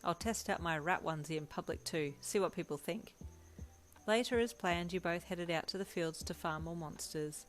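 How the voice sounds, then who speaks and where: A woman reading a second-person fanfiction story aloud at a steady, even pace. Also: lowish voice. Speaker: fanfiction reader.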